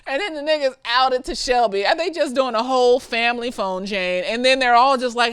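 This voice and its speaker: A woman therapist chats through a movie review while slightly tipsy. She is animated and cheerfully profane, and laughs often. Her voice is smooth and a touch high, recorded dry and close. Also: brisk, few pauses, no room sound. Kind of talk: casual chatty review.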